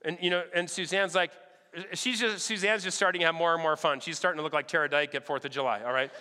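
Man, pastor, sermon story, bright forceful tone, smooth resonant voice, long hall reverb. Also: a little high, fast talker. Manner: animated, acts out other people's lines.

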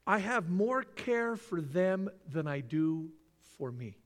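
An older man preaching a sermon dramatically, acting out voices and dropping into soft, near-whispered lines. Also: high-pitched, big pitch swings, slow pace. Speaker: pastor. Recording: long reverb in a large hall.

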